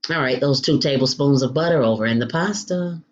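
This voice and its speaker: A woman's voice: extremely low pitch, fairly quick, muffled recording. A woman hosting a home cooking demonstration, chatty and playful, calling viewers honey and baby. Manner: playful food exclamations. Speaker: cooking show host.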